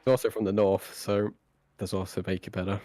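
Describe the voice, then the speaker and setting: A man's voice: fairly low pitch, flat delivery, fairly quick, mellow, no echo. A man co-commentating a sim race live, talking through laps and trading dry jokes. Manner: dry, joking banter.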